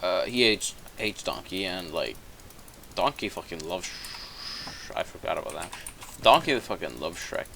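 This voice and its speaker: A young man with a lowish voice rambles through a comedic plot recap, cursing freely and doubling back to fix his own mistakes. Faint keyboard clicks and typing tick along behind him. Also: lively intonation, a little slow, vocal fry, sharp tone, a little hiss or hum. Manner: profane, rambling, self-correcting. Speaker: gaming commentator. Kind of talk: rambling comedic plot retelling while gaming.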